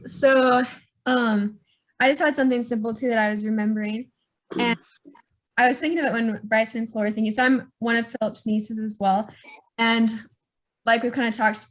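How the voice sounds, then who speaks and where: A young woman telling a personal memory in a reflective, unhurried way, with many fillers. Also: a little high. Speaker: niece sharing a memory. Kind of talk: casual storytelling.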